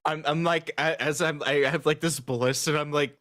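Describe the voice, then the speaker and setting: A man's voice: fairly high pitch, steady tone, brisk, fairly bright tone. A man player in a tabletop game, talking casually with stumbles and swearing.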